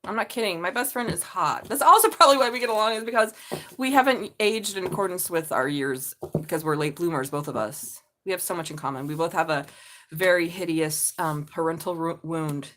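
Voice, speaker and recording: A woman's voice: sits low, normal speed, fairly bright tone. A middle-aged woman reading tarot on a casual live stream, blunt and chatty, swearing freely. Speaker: tarot reader.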